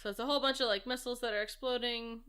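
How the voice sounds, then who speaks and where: Woman co-host, fairly high voice, chatty, laughs a lot, casual film chat. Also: steady tone, very fast, a bit bright, smooth. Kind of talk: casual movie discussion.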